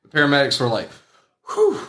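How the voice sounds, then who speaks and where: A man telling a story in casual chat, animated, acting out the people in it. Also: mid-range voice, moderate pace.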